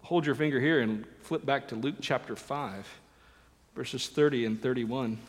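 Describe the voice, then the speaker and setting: A man's voice: medium pitch, a little slow. A man preaching a sermon as pastor, earnest and building to fervent emphasis, recorded in a reverberant church. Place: church sanctuary.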